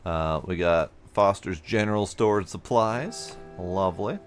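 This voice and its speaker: A man's voice: deep voice, unhurried, hardly any pauses. A man casually commenting on his gameplay, playful and self-mocking, muttering asides over faint game music. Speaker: gameplay streamer.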